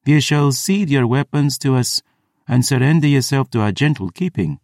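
A man voicing a stern masked priestess in an audiobook, with a deep, musical voice and archaic, formal speech. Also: expressive, normal speed, darkish tone, no echo, clean studio sound, lightly acted. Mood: solemn. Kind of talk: audiobook character voice.

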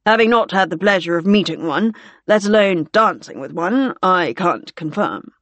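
A woman's voice: on the low side, animated, moderate pace, fairly bright tone, dry recording. A woman reading the part of a wry, teasing male naval commander in an audiobook.

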